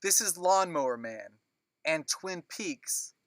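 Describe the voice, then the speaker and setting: A man hosting a movie podcast, chatting casually with quick, jokey asides. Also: fairly high pitch, expressive, fairly bright tone, no room sound. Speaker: podcast host. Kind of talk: casual chat.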